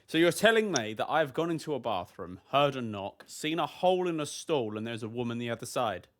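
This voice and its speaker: A man's voice: medium pitch, big pitch swings, brisk, a bit bright. A man playing in a tabletop game, joking playfully with the group. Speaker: player.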